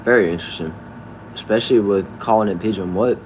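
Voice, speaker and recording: A man casually hosting a live stream from a backyard shed, reading viewers' comments aloud and answering them in a relaxed way. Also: lowish voice, fast, a little hiss or hum. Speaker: livestream host reading chat.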